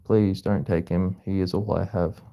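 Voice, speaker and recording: A man reading aloud as a pleading parent who is begging to keep their boy safe, in a soft voice. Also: low voice, steady tone, moderate pace, gravelly, lo-fi sound, a little hiss or hum.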